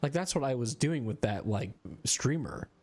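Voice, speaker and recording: A man's voice: mid-range voice, lively intonation, moderate pace. A tired young man streams a game and chats in a casual, goofy way. His voice rises and falls a lot. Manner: goofy, reads dialogue aloud in put-on voices. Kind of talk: casual gameplay commentary.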